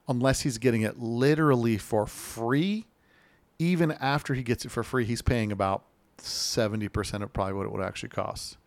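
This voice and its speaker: A man's voice: mid-range voice, normal speed, no room sound. A man hosting a casual chat about classic cars, rambling and laughing as he acts out voices in his stories. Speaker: show host. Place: Las Vegas.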